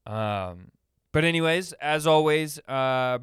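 A man talks through his week on a casual solo podcast, wandering from one anecdote to the next with plenty of fillers. His voice is smooth and clear. The sound is dry and close, with no room echo. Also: mid-range voice, animated, slow pace, fairly bright tone. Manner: rambling, many fillers, acts out funny voices in anecdotes. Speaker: podcast host.

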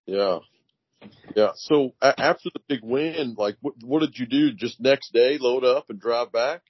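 A man asking the guest questions in an easygoing, encouraging way, his voice at an ordinary pitch. The recording sounds dry and dull. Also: unhurried, breathy edge, no echo. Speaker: podcast host. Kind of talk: casual interview chat.

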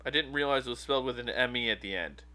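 Racing along in a sharp, mid-range voice, a man in his thirties co-hosts a podcast. His casual chat rambles, with frequent fillers and restarts.

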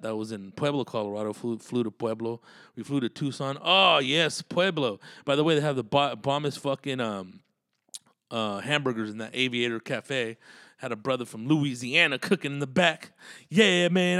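A man's voice: medium pitch, fairly bright tone, no room sound, studio quality. A man telling road stories in a casual, profane, rambling monologue and laughing often.

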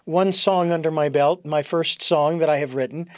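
A man hosting a conversation, talking haltingly with many fillers and restarts. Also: a little high, steady tone, no room sound. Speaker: host. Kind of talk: casual conversation.

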